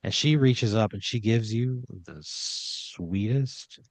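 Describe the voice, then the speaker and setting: A man narrating an improvised comedy story as game master, deadpan and laid-back with lots of filler words. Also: lowish voice, slow pace, no room sound.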